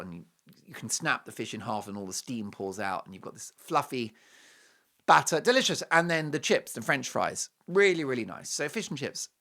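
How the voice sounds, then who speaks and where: English guy hosting his show, bouncy lively voice, bright and sharp, spinning a yarn. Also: medium pitch. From England. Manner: animated and playful, with mocking asides and quoted voices. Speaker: show host. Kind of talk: storytelling commentary to camera.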